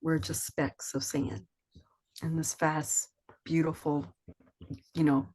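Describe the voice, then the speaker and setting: Soothing, husky older woman storyteller. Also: low-pitched, slow. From Southern US. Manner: soothing, reflective, lively when quoting others. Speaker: poet, interview guest. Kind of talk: reflective storytelling interview.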